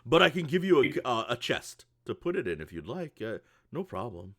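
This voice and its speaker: A man voicing a timid, fussy male minotaur who talks in a halting, hesitant way. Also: medium pitch, big pitch swings, no room sound, studio quality. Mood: helpful.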